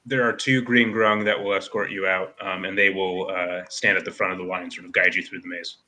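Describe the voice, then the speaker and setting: A man narrating as game master in a tabletop game, relaxed and full of fillers. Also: deep voice, brisk.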